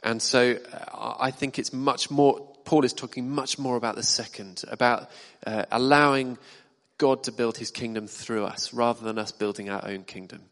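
With a medium pitch, a fairly bright tone and normal speed, this man delivers a conversational sermon in a church hall and quizzes the congregation. Long hall reverb colors the sound.

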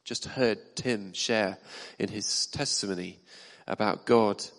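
Speaking slowly in a voice on the low side, a preacher addresses his congregation in a chatty way, asking them questions. The church hall gives the recording a long reverberant tail.

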